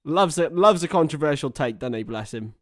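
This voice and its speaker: A man's voice: on the high side, expressive, fairly quick. A man giving casual, chatty live commentary on a football match while talking to his viewers. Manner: chatty, reacts to viewer chat between play-by-play.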